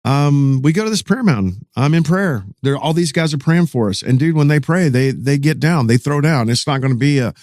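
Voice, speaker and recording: A man's voice: a little high, lively intonation, fairly quick, hardly any pauses, a little mellow, dry recording, clean studio sound. A middle-aged man, a pastor, telling a story in casual, slangy podcast talk.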